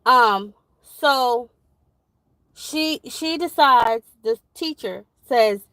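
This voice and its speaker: A young woman, telling a parenting story in a rambling, animated vlog with many fillers. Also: on the high side, extremely slow, no echo, low-quality recording. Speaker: parent vlogger.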